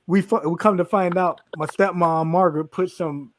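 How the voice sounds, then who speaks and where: Man podcast co-host, high voice, lively anecdote, faint hiss underneath. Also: normal speed. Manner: animated, laughing, acts out quotes in raised voices. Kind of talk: casual storytelling among friends.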